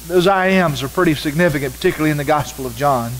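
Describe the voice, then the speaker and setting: A man's voice: fairly high pitch, fast talker, hardly any pauses, low-quality recording. A man preaching a sermon as pastor, earnest and direct, repeating key words for emphasis.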